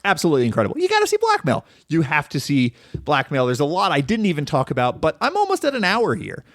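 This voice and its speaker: Rambling, lively male podcast host. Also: fairly high pitch, fast talker, dry recording, studio quality. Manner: rambling, enthusiastic, heavy with "like" and "um". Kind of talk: casual solo film podcast.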